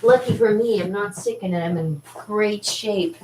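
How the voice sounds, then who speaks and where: A woman's voice: mid-range voice, unhurried, heavy background noise. A woman painter chatting casually in her studio, rambling and laughing as she shows her work. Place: art studio indoors. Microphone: camera mic, moving around the room. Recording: roomy studio, voice from a distance.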